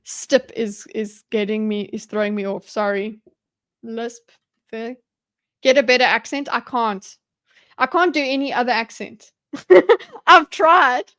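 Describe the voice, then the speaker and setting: A woman talking through a mind map on a live stream, rambling and restarting her sentences as she chats with viewers. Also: on the high side. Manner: rambling, self-interrupting, chatty with viewers, quick laughs. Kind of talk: thinking aloud while mind-mapping on a live stream.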